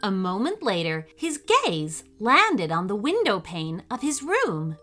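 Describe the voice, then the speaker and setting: A woman hosting and reading a children's story, cheerful and expressive, with faint music behind her. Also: mid-range voice, slow, few pauses. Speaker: host and storyteller.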